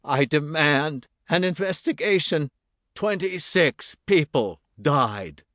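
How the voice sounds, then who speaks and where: A man's voice: on the high side, animated, slow pace, fairly bright tone, no room sound, studio quality, pitched above the performer's own voice. An actor voicing a frightened older male scientist who speaks in a trembling, childlike voice. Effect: faint from inside a building.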